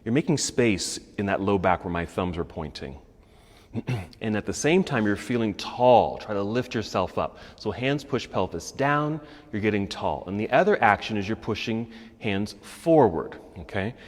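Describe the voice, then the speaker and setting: An American man leading a yoga class, giving calm step-by-step cues for poses and breath. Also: fairly low pitch, normal speed, big-room sound. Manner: calm instructive cueing, breath counts. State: slightly out of breath. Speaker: yoga instructor. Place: yoga studio.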